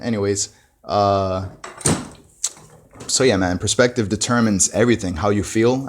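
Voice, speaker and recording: A man giving a casual, reflective monologue, full of "you know" and "bro" and frequent restarts. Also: on the low side. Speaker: motivational talker.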